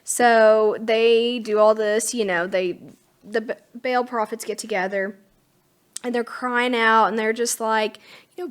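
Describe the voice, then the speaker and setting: A woman co-hosting a Bible teaching podcast, retelling scripture in a chatty, casual way with lively acted-out quotes. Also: a little high, measured pace, smooth.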